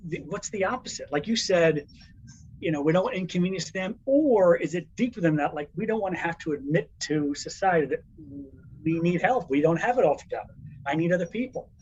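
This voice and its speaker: A man co-hosting a podcast, telling a story in a casual, animated way. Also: high-pitched, fairly quick, dull audio, slight background noise. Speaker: podcast co-host. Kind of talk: casual chat.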